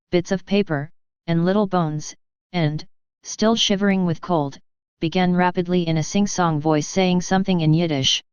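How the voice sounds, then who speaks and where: Clear-voiced woman narrating a story. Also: lowish voice, no echo. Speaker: audiobook narrator. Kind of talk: scripted narration. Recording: dull dry studio audio.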